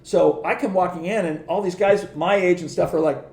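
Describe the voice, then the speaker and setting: A man in his sixties, a podcast guest from Southern California, telling animated stories in casual chat with lots of restarts. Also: sits high, brisk, gravelly, reverberant. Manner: animated anecdotes with many restarts and quoted voices.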